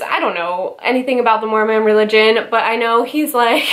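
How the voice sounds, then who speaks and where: A woman's voice: medium pitch, fairly bright tone. A young woman gushing about a favorite book in a casual vlog, getting tearful and emotional as she talks, with many fillers. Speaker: book vlogger.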